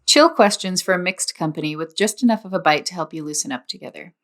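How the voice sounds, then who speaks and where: A woman's voice: fairly low pitch, animated, fast talker, fairly bright tone. A young woman co-hosting a podcast, chatting casually and teasing her friend. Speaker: podcast co-host. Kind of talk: casual chat.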